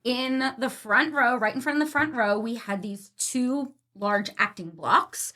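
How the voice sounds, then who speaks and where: A woman's voice: fairly high pitch, a little slow, sharp tone. A woman who is a theater executive and former stage manager, telling a story on a casual podcast with lots of laughter.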